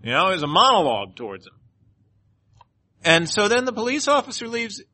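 A male pastor preaching, telling a story in an animated way and leading a closing prayer. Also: sits high, a little fast. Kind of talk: sermon with personal storytelling.

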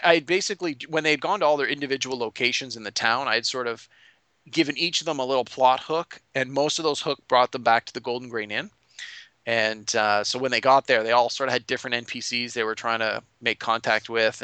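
Game master, bright forceful voice, rambling chat, dry close mic. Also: male voice, medium pitch, clean tone, dry recording. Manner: rambling, many restarts and fillers. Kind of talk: casual podcast recap.

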